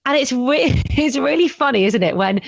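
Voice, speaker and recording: A woman's voice: high-pitched, animated, vocal fry, dry recording, highs cut off. A woman from Herefordshire co-hosting a podcast, telling stories in casual chat and laughing often. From England, Herefordshire. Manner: chatty storyteller, quick to laugh. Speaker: podcast co-host.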